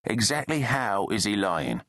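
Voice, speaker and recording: A man voicing a male paramedic on the phone who speaks calmly and reassuringly. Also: on the low side, measured pace, no echo, clean studio sound, pitched above the performer's own voice. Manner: calm, reassuring.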